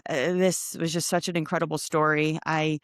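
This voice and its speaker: A middle-aged woman hosting a podcast, telling a personal story in casual chat with expressive, animated delivery. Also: low-pitched, normal speed, clean tone, no room sound, clean studio sound. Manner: expressive, animated storytelling with lively quoted voices. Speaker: podcast host.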